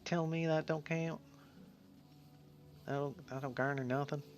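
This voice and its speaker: A man's voice: a little high, steady tone, a little slow, pitched above the performer's own voice. A man doing a folksy southern cowboy voice with a put-on Southern drawl. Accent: put-on American Southern. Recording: slightly dull sound, faint music behind.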